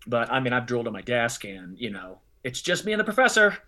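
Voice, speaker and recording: A man, a guest in an interview, telling a personal story with blunt, informal wording and sudden emphatic swings in pitch and loudness. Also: sing-song, fast. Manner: blunt and informal, calls people bro and dummy.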